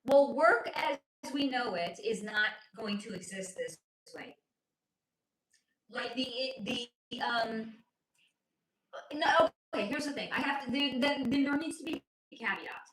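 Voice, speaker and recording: A lively, high-voiced woman from the United States chats casually on her livestream, full of rambling asides and swearing. Her voice is bright and swings up and down a lot. It rings with echo from the room around her. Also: unhurried. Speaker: psychic reader on a livestream.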